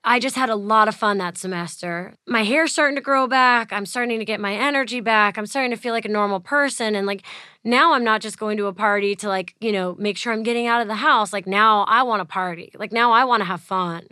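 A woman's voice: medium pitch, a little fast, bright, forceful tone, clear, resonant tone, no room sound, studio quality. A woman in her thirties telling a personal story in a casual, chatty way, acting out the dialogue and saying "like" a lot. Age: 30s. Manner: chatty, acts out quoted dialogue, heavy use of "like". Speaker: interviewee.

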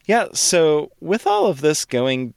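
Relaxed man telling history casually. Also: on the high side, slow, gravelly, smooth, no room sound, clean studio sound. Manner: relaxed storytelling, quotes figures in casual speech. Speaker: podcast co-host.

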